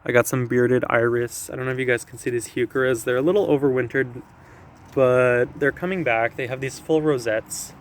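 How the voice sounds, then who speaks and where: A man's voice: mid-range voice, steady tone. A young man walking through his backyard garden, chatting casually, a bit out of breath and correcting himself as he goes. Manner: chatty, self-correcting, quick little laughs. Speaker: gardener vlogger. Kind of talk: casual garden tour walkthrough. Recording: faint outdoor noise, passing planes.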